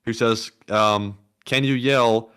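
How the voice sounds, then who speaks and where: A man's voice: medium pitch, fairly even intonation, slow, a bit bright, clean tone. A man with a Southern US accent co-hosting a casual livestream, reading viewer messages in an easygoing, wry way. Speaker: co-host reading super chats.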